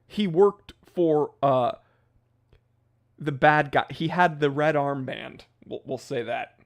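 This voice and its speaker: A man's voice: a little high, slow, vocal fry. A man hosting a casual livestream, chatting loosely and rambling, with laughs at his own jokes. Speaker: livestream host.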